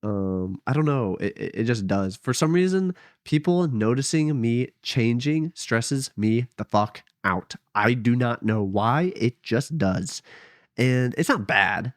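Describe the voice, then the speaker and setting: A young man talks into a headset mic at home, rambling and hesitant, often doubting himself aloud. His voice sits at an ordinary middle pitch. The sound is close and dry with no room echo. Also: expressive, slow. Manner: rambling, hesitant, self-deprecating. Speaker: vlogger. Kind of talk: casual late-night vlog.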